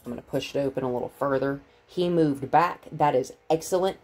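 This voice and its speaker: A woman with a bass voice and darkish tone talks a little fast. She's a dog trainer casually demonstrating things step by step at home and in the yard with her dogs, chatty and prone to checking in with "right?".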